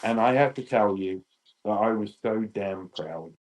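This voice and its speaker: A British man in his fifties, a podcast guest telling lively anecdotes and acting out quotes. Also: fairly low pitch, unhurried, muffled recording. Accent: British English. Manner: animated, acts out quotes. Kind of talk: storytelling chat.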